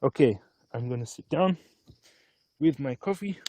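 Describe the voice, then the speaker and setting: A man chatting casually on a live stream from an outdoor hilltop, easygoing and often excited. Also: medium pitch, normal speed, dry recording. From Australia. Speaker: stock market vlogger.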